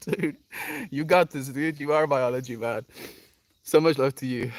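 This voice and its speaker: A man hosts his own livestream, emotional and grateful, his voice sitting a little high. He often breaks into laughs and sighs between heartfelt words. The sound is close and dry, with no room around it. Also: moderate pace, no echo. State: emotional, near tears. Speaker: livestream host.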